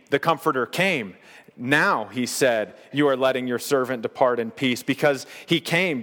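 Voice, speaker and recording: A man preaching a sermon as pastor, earnest, slowing down on the key phrases. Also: medium pitch, fairly bright tone, long reverb tail.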